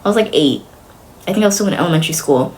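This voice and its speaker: A woman's voice: fairly low pitch, expressive, very fast. A woman in her twenties chatting casually on a stream. She rambles, fills her talk with "like", and breaks into nervous laughs.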